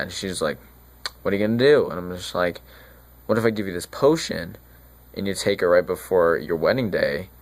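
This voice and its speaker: A young man playing a rambling, slangy friar. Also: sits low. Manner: rambling, slangy, halting with restarts. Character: remorseful friar retelling a tragedy casually. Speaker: student actor. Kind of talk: school monologue in modern slang.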